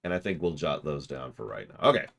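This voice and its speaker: A man's voice: rumbling low, animated, fast talker, gravelly, a bit bright. A man streaming a game and chatting with his viewers, rambling as he works through puzzles aloud. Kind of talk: casual livestream commentary.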